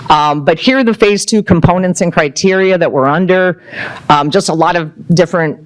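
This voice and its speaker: A woman giving a presentation talk to a club audience, energetic and excitable when she tells a story. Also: on the low side, moderate pace. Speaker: speaker at a club luncheon.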